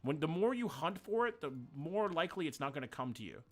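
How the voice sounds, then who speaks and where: A man's voice: fairly high pitch, sing-song, fast. A man streaming a game live, thinking aloud, swearing casually and greeting viewers by name. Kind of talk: casual live-stream chat while playing.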